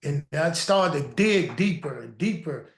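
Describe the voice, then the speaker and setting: A man with a high voice tells his stories in an animated, lively way and slips into the voices of the people he quotes. The recording has a roomy echo. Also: measured pace, vocal fry. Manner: animated storytelling, acts out quoted dialogue. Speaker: guest storyteller. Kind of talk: casual interview chat. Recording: echoey room.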